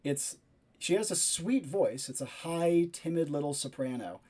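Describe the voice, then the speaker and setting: A man's voice: on the high side, expressive, unhurried, mellow, husky. A man narrating a tabletop role-playing game as game master, describing the action with many fillers.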